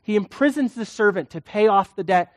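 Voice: mid-range voice, lively intonation, brisk, no room sound, clean studio sound. A preacher giving a sermon in a conversational way, full of rhetorical questions and acted-out quotes.

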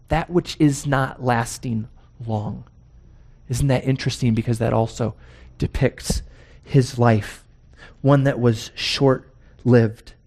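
In a mellow, mid-range voice, a pastor preaches with force, throwing out rhetorical questions and slowing down on the words that matter most.

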